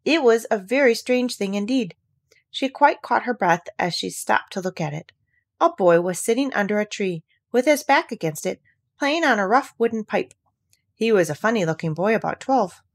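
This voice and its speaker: A woman reading a classic children's novel aloud. Her mid-pitched voice moves with lively, animated swings as she tells the story. The narration is even-paced and expressive. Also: moderate pace. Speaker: audiobook reader.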